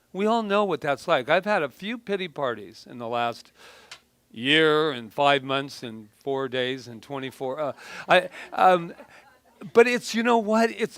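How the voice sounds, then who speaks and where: A man's voice: a little high, fairly bright tone, dry recording. A middle-aged man preaching a casual, conversational sermon, telling personal stories in a chatty, self-deprecating way with frequent restarts. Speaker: minister.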